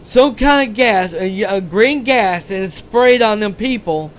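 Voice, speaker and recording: A man retelling a movie's plot in a rambling, halting way, full of fillers, restarts and swearing, acting out the characters' lines. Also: high voice, lively intonation, a little hiss or hum. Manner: rambling, halting, many fillers and restarts, profane, acts out quotes. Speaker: movie reviewer. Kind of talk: rambling casual movie recap.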